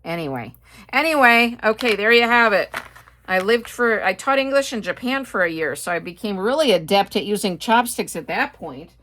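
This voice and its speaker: A woman's voice: mid-range voice, animated, moderate pace, fairly bright tone. A middle-aged woman with a Midwestern American accent, chatting casually through a shopping haul, rambling with lots of fillers and asides. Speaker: haul video host. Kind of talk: casual chat.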